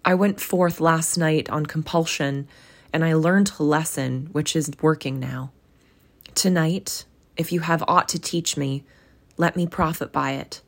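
Scrooge, hushed and meek, read by a woman. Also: deep voice, measured pace. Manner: quiet, meek, submissive. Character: subdued old miser, timid man.

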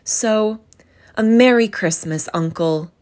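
Brief: woman doing a heartfelt, pleading young man, pitched up. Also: slow pace, darkish tone, close to an everyday voice. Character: earnest cheerful young man, warm-hearted.

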